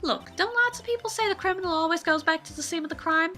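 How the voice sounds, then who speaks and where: A woman plays a brassy young photographer from a game who hollers in a folksy country drawl. The voice sits very high and bright, cutting and excitable. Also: quick pace, soft background music. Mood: brash.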